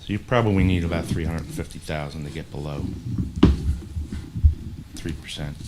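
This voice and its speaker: A bass-voiced man, heard over heavy background noise, handles the district finances and walks a school board meeting through budget figures. He stays matter-of-fact, delivering numbers in quick runs.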